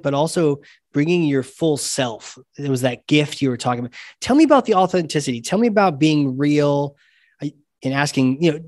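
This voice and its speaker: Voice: medium pitch, darkish tone. A podcast host with a mid-range voice asks open questions and encourages the guest to go on. The sound is dry and close, with no room echo. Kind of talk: casual interview chat.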